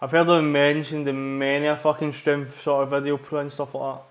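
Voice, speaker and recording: A man's voice: on the high side, level tone, a little fast, echoey room, highs cut off. A Scottish man chatting casually and rambling while training in a gym, swearing often and repeating himself. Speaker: livestreaming gym-goer.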